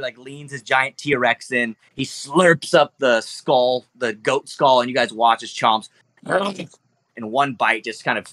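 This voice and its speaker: A man's voice: medium pitch, fairly even intonation, moderate pace, fairly bright tone, dry recording. A man narrating as game master of a tabletop game, rambling loosely with lots of fillers and easy laughs.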